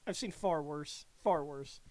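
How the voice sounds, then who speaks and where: A man's voice: fairly high pitch, unhurried, a little mellow. A man co-hosting a podcast, chatting casually and giving blunt, profane opinions. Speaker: podcast co-host. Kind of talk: casual chat.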